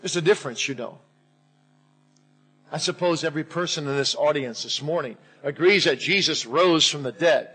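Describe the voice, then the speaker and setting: A man preaching a sermon to a church congregation, deliberate, lifting his voice on key phrases. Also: a little high, a bit bright, slightly rough, low-quality recording. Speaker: pastor.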